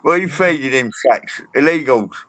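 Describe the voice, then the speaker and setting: A man's voice: medium pitch, expressive, moderate pace, a bit bright, dry recording. A man joining a casual online chat as a guest, full of jokes and banter. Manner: jokey, banter-heavy.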